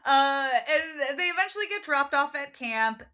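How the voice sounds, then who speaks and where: Woman co-host, bright and lively, laughs easily while recapping a book in casual chat. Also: sits high, a little slow. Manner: animated, laughing, acts out quotes. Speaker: podcast co-host.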